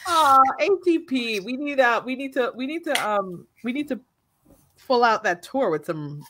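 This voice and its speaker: Giggly teasing woman, bright lively voice. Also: fairly high pitch, moderate pace, a little hiss or hum. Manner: giggly, teasing, laughs often. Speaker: podcast co-host. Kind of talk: casual chat.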